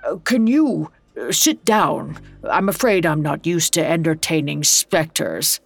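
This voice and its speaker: A miserly old man, as a woman reader puts him on in a storybook tale, scoffing and easily flustered. The voice sits fairly low and moves slowly. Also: animated, gravelly, slightly rough, no room sound, exaggerated voice.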